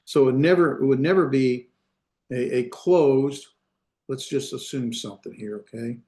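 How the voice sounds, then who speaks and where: A man's voice: medium pitch, moderate pace, a little mellow, roomy sound. A man teaching a class over a video call, explaining step by step with many fillers and restarts. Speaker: Hebrew instructor. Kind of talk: online class lecture. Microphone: computer mic on a video call.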